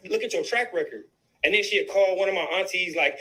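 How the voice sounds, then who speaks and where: A man with a high voice rants fast and hard, swearing and circling back to the same points. He keeps throwing "bro" into his lines, and there is a faint hiss under him. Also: animated, fairly bright tone, low-quality recording. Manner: angry, profane, repeats himself, keeps saying "bro". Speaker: guest in a livestream clip. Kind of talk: heated personal rant.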